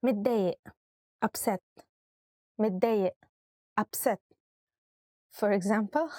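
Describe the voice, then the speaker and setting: Upbeat woman teaching vocabulary, slightly high voice. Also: a little fast, long pauses, darkish tone, no echo, clean studio sound. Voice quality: upbeat, instructive, switches between Arabic and English. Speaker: language teacher and host. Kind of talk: vocabulary lesson, repeating each word and its translation.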